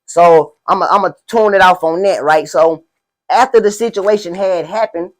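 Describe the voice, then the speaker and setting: A man's voice: high-pitched, moderate pace, close to an everyday voice. A man playing a rambling boastful street pimp. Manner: rambling slang, constant "you know what I'm saying". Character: boastful streetwise male pimp in a spoof interview. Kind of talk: comedic parody interview.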